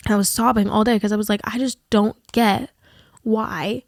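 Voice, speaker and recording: A woman's voice: a little high, normal speed, no echo, clean studio sound. A young adult woman talking candidly in a confessional vlog, rambling with many fillers. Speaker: vlogger.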